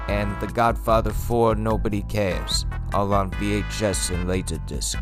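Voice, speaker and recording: A man voicing a fast-talking mobster ice salesman in a spoof ad, with brash New York wiseguy patter. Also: lowish voice, close to an everyday voice. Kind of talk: comedy spoof radio ad. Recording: music bed under the voice.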